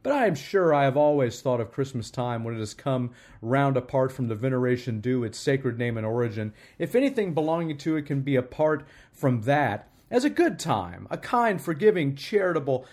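A man voicing a cheerful, earnest young nephew, with a bright, rising delivery in a storybook reading. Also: mid-range voice, lively intonation, normal speed, hardly any pauses, natural voice.

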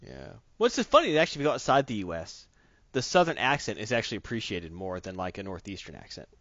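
A man's voice: fairly low pitch, big pitch swings, fast, fairly bright tone, dry recording. A man co-hosts a casual podcast, his voice swinging up and down as he jokes and laughs. The sound is dull and lo-fi, with a dry, close feel. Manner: jokey, laughs often, riffs on comics and movies. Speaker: podcast co-host.

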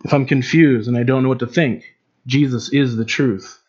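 A man's voice: medium pitch, fairly even intonation, moderate pace, a little mellow, muffled recording. A man preaching in an informal, conversational way, with frequent fillers and restarts. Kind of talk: informal Bible teaching.

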